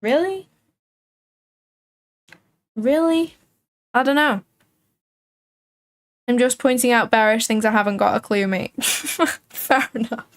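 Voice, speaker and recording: A woman talks through her trading screen on a live stream in a loose, chatty way, full of filler words as she thinks aloud. Her voice sits a little high and carries a gravelly fry. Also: a little slow, long pauses. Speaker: livestream trading host. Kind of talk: casual live commentary.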